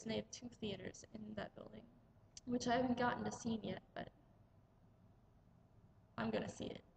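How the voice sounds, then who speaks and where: A woman's voice: fairly high pitch, gravelly, a little mellow, a little hiss or hum, low-quality recording. A young American woman telling a rambling vlog story about her day, casual and chatty with lots of "like". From United States. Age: young adult. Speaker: vlogger.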